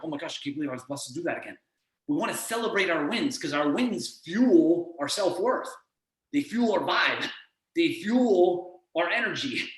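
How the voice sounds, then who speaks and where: A man with a fairly high voice delivers an energetic motivational coaching talk, slipping into other people's voices as he goes. He is heard over a video call from an echoey room. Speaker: performance coach and guest.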